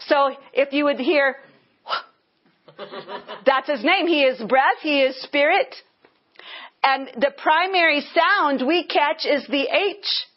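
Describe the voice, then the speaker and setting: High-voiced woman Bible teacher. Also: measured pace. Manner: earnest, with bursts of praise. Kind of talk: teaching sermon. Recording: dull lo-fi sound.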